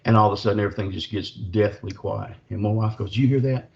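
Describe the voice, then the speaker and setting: A man's voice: fairly low pitch, little pitch movement, quick pace, creaky, muffled recording. A middle-aged man, telling a podcast host about a Bigfoot encounter in a folksy, rambling way with lots of fillers. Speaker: Bigfoot researcher, podcast guest. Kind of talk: storytelling an encounter.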